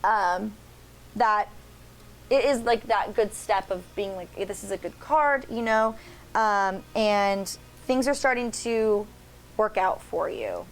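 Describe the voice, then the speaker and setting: A woman co-hosting a casual tarot chat, rambling through card meanings with lots of fillers and pauses. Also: medium pitch, slight background noise, poor audio. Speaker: co-host learning tarot.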